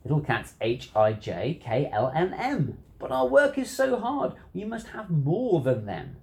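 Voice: medium pitch, huge pitch swings, unhurried, vocal fry, a little mellow, roomy sound, full character voice. A reader voicing a cheerful, boastful trickster cat who wears a hat, in singsong rhymes. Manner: singsong rhyming delivery.

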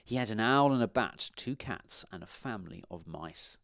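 A man reading a children's storybook aloud with expressive delivery. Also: lowish voice, normal speed, vocal fry, no room sound, clean studio sound.

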